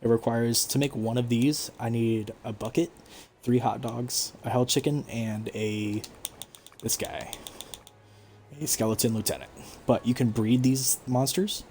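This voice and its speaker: A man giving relaxed, explanatory commentary over his own gameplay stream, with frequent fillers. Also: mid-range voice, a little slow, a little hiss or hum. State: hiccups. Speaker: gaming streamer.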